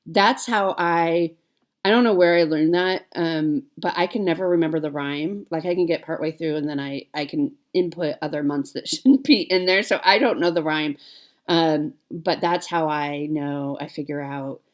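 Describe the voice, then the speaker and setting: With a voice that sits low and a moderate pace, this woman in her forties rambles casually to her viewers about cross-stitch. Fillers and self-corrections pepper her talk.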